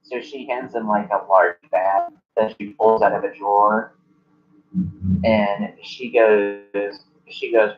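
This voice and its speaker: A man's voice: on the low side, takes it slowly, dull audio, faint music behind. Laid-back man running a tabletop game. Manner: relaxed, meandering narration with fillers. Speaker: game master.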